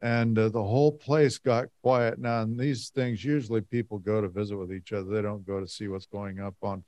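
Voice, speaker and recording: A middle-aged lay speaker tells a congregation a long personal story, rambling folksily and peppering it with "and, uh." His voice sits fairly low and sounds mellow, his delivery is flat, and he talks a little fast.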